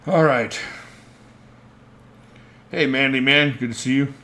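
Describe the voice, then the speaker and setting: A man's voice: medium pitch, steady tone, slow pace, long pauses, pushed and bright, slight background noise. A man hosting a casual livestream, rambling and thinking aloud as he greets viewers by name. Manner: reads out viewer names mid-talk. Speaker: knife channel host.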